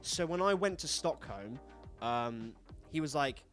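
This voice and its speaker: A man's voice: medium pitch, lively intonation, measured pace, fairly bright tone, faint music behind. A man talking casually and frankly as host, swearing often and rambling through stories with lots of fillers. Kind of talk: casual solo chat, rambling storytelling.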